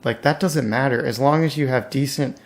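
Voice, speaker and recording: A man's voice: mid-range voice, normal speed. A man, a guest in a casual interview, talking in a laid-back, slangy way with lots of "like".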